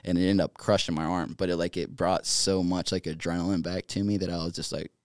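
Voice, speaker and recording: A young man from North Carolina, a podcast guest, retelling events in a rapid, filler-heavy way with many restarts. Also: sits low, little pitch movement, smooth, no room sound, clean studio sound. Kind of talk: casual storytelling in an interview.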